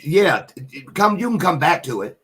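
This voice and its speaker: A man's voice: fairly high pitch, big pitch swings, normal speed, a bit bright, husky. A man in his sixties hosting an interview, asking eager follow-up questions. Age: 60s. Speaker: podcast host. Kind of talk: interview conversation.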